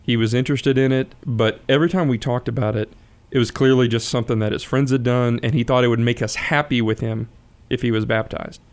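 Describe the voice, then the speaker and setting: A man who is a guest on a faith talk show, telling a story about his son in a steady, articulate, measured way. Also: medium pitch, clean tone.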